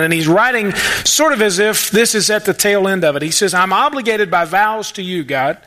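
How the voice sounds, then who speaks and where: A man preaching a sermon in church, talking conversationally and acting out prayers in quick asides. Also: high voice, pushed and bright, low-quality recording. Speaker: pastor.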